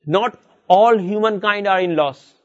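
High-voiced man teaching Arabic. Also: measured pace, dull audio. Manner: explains step by step, repeats words, reads Arabic verses aloud. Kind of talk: classroom lesson.

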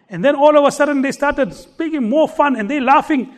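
Man, preacher, sermon, emphatic, repeats key points, scripture recitation, very high voice. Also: brisk, few pauses. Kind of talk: sermon with storytelling.

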